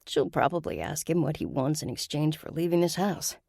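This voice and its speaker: A woman's voice: low-pitched, brisk, creaky, breathy edge, dry recording, studio quality, exaggerated voice. A woman doing a prim, serene witch. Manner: calm, primly formal.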